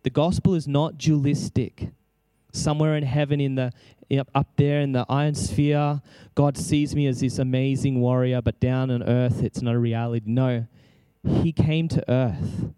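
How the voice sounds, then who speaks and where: A man's voice: mid-range voice, fairly even intonation, normal speed, hardly any pauses, dark tone, clean tone, dry recording. A man preaching an impassioned sermon, exclaiming and acting out prayers as he speaks.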